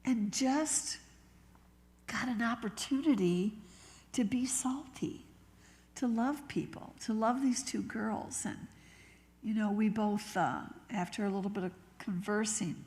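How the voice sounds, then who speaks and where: A woman bishop preaching a sermon in a conversational, storytelling way, slowing down and dropping to a whisper when she acts out what people said. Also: mid-range voice, a little mellow. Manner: laughs easily, talks slowly. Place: church sanctuary. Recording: long reverb of a church hall.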